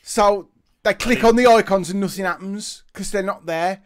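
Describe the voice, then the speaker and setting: A man's voice: sits high, normal speed, smooth. Man telling a laughing anecdote. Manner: animated, laughing anecdote-teller who acts out quotes. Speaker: podcast co-host. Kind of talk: casual storytelling chat.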